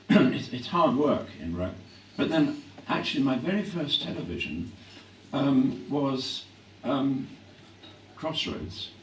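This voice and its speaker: An older English man reflecting on his acting career in a live on-stage interview, clearing his throat often as his voice grows hoarse. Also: medium pitch, big pitch swings, slow. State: voice growing hoarse. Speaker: actor being interviewed. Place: hall at a public event. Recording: echoey hall from a distance, faint hum.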